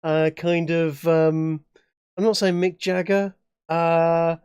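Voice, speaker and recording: A man's voice: fairly high pitch, flat delivery, slow pace, darkish tone, smooth, dry recording, dull audio. A man from England chatting as a player in a tabletop game, rambling with many restarts and fillers. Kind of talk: casual chat at a tabletop game.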